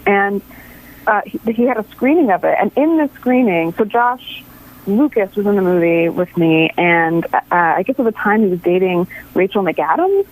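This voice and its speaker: A woman's voice: mid-range voice, animated, moderate pace, rough recording. Woman, thirties, from new york, chatty, giggly, lots of ums and restarts. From New York City. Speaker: actress guest. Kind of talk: casual interview chat.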